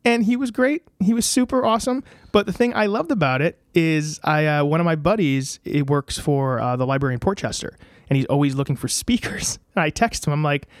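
A man telling wrestling stories as a podcast guest, animated and acting out the voices of the people in his stories. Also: on the high side, fairly quick, no echo, clean studio sound. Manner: animated, acts out quoted voices. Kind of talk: casual podcast storytelling.

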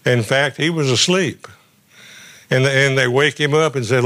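Man, middle-aged pastor, sermon, halting, repeats words, plain mid pitch. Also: fairly even intonation, pushed and bright. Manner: halting, repeats words often, conversational preaching. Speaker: guest pastor.

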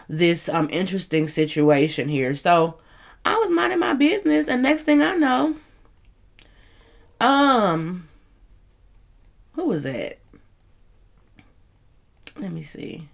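Chatty woman host, lower voice. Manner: chatty, laughing, rambling. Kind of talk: casual commentary.

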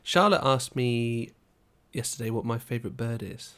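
A man's voice: medium pitch, moderate pace, fairly bright tone. A man from Britain co-hosting a casual podcast chat, musing aloud and often trailing off. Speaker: podcast co-host.

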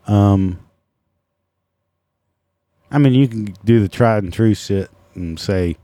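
A man's voice: lowish voice, slow, long pauses, dark tone, no echo. Profane sarcastic man hosting a podcast. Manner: profane, sarcastic, self-mocking. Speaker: podcast host. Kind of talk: casual solo podcast rant.

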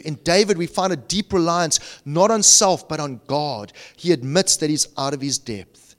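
A middle-aged man preaching a sermon, swinging from quiet, intimate lines to near shouts. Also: a little high, moderate pace. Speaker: pastor.

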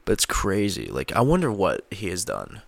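A man's voice: sits low, huge pitch swings, moderate pace, gravelly, no echo. A man vlogging into a close mic, rambling in casual, profane commentary full of fillers. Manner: profane, filler-heavy, laughs at own jokes. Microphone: close microphone.

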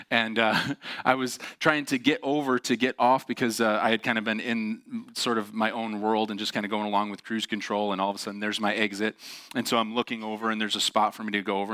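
A man's voice: lowish voice, pushed and bright, no echo, studio quality. A pastor preaching a sermon, telling personal stories in a conversational way and driving his points home with emphatic repetition.

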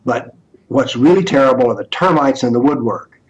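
A man's voice: medium pitch, lively intonation, normal speed. Older man, interview guest, emphatic lecturing, rhetorical questions, muffled lo-fi sound. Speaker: interview guest, author on political Islam.

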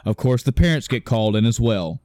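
A man's voice: medium pitch, lively intonation, fairly quick, a little mellow, no room sound. Rambling male podcast co-host, dry sound. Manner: rambling, self-correcting storyteller who swears casually; acts out characters' lines while retelling. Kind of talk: casual chat.

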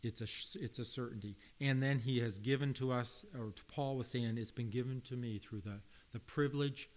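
A man preaching in an earnest, emphatic way, pausing to stress key words. He reads scripture aloud, then repeats phrases with small stumbles and restarts. His voice sits at an ordinary middle pitch for a man. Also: steady tone, darkish tone. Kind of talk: sermon.

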